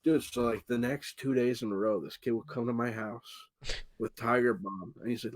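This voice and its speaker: A man's voice: medium pitch, moderate pace. A man telling a long injury story on a podcast, swearing freely and acting out what people said. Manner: animated, profane, acts out quotes. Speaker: podcast co-host. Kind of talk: casual storytelling chat.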